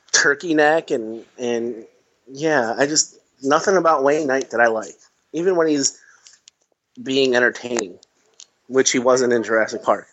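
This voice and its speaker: A man in casual movie-talk chat, animated and complaining, who circles back and repeats his points when he gets worked up. His voice sits mid-pitch, and the recording sounds dull and lo-fi. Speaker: podcast co-host.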